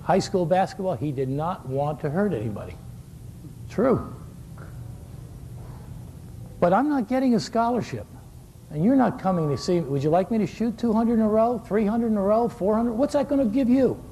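Gravelly, high-voiced man in his sixties. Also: lively intonation, moderate pace, long pauses, dark tone, a little hiss or hum. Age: 60s. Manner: folksy storyteller, joking asides, repeats key words. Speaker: basketball shooting coach. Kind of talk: coaching clinic talk.

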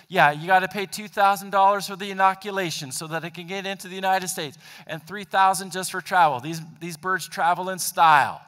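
A matter-of-fact male dealer quotes prices in a flat, businesslike way, voiced by a preaching man. The voice is high and bright and rings in a large hall. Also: brisk, few pauses.

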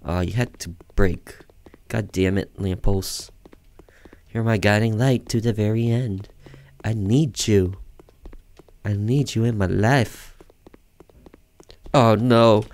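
A man giving let's-play commentary on a horror game, with joking, deadpan sarcastic asides. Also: lowish voice, slow pace, long pauses. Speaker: gaming video creator.

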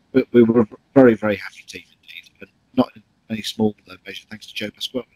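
A man's voice: fairly low pitch, fairly even intonation, fast talker, dark tone, no echo, muffled recording. A man, a stage actor recalling stories in an interview, chatty with many ums and restarts. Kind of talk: interview anecdotes.

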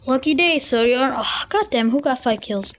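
A woman giving casual commentary over a video game, excitable and quick to repeat words in bursts. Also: sits high. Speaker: gamer. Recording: noisy home recording.

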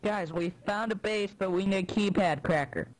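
A man roleplaying in a game, speaking in a halting, deadpan way. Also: high voice, poor audio. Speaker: game player.

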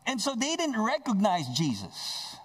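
A man's voice: high voice, huge pitch swings, unhurried, a bit bright. A male pastor preaching a sermon, emphatic, stretching out key phrases, with joking asides.

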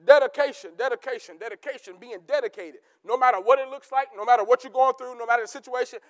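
A man preaching a sermon as pastor, repeating key words for emphasis and swinging between shouted peaks and low, quiet asides. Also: fast talker. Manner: rising to shouts, then dropping to low asides.

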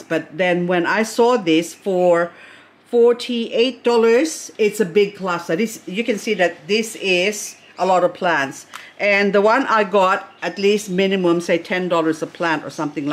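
A woman's voice: lowish voice, a little slow. Gushing chatty woman vlogger. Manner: gushing, exclaims over beauty, chatty asides. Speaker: succulent grower unboxing plants. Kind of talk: casual unboxing vlog.

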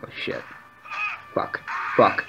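A man giving casual, excitable commentary while playing a game, swearing often and talking back to the enemies. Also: slow pace, noisy background. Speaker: gameplay commentator. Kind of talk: casual let's play commentary. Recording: dull lo-fi mic with faint game music.

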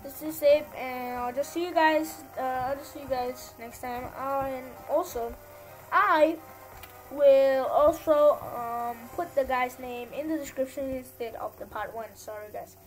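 A woman's voice: high-pitched, measured pace, faint music behind. A woman hosting a gaming channel, giving casual gameplay commentary in a rambling, repetitive way as she lectures viewers.

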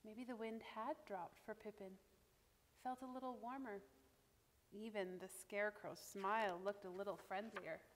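A woman reading a Christmas picture book aloud to children, with a gentle, expressive delivery. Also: medium pitch, a little slow, big-room sound, a little hiss or hum. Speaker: children's storyteller.

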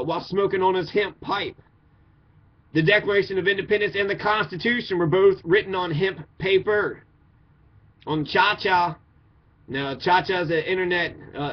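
A man from Kentucky giving a blunt, profane, opinionated monologue. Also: sits high. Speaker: commentator. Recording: dull lo-fi recording.

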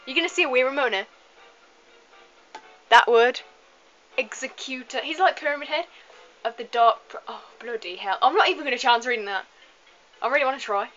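Tired girl chatting over a game, bright forceful voice, a bit muffled and lo-fi. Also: high-pitched, brisk, pauses often, faint music behind. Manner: chatty and self-mocking, stumbles over hard words. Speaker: let's play host. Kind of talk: casual gameplay commentary. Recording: slightly dull lo-fi recording.

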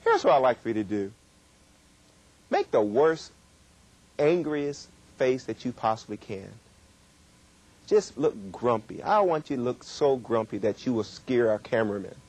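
A middle-aged man giving a workshop lecture on communication, with emphatic, drawn-out stresses. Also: medium pitch, big pitch swings, darkish tone. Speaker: communication trainer.

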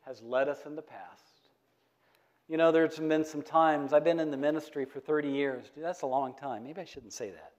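High-voiced preaching man. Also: fairly even intonation, a little fast, hardly any pauses. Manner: call-and-response preaching, asks the congregation questions. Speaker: pastor. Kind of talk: sermon. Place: church sanctuary.

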